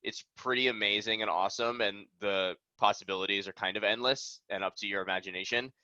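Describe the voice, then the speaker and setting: Bright, chatty man with a dull, dry mic sound. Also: fairly low pitch, steady tone, brisk, dry recording. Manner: loose, chatty, lots of ums and likes. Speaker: product presenter. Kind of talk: casual webinar walkthrough.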